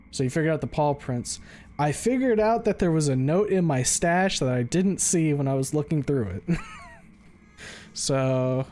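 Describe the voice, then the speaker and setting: A man's voice: medium pitch, a little mellow, slight background noise. A man streaming a video game, thinking aloud in a casual way with the odd swear. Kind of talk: live gameplay commentary.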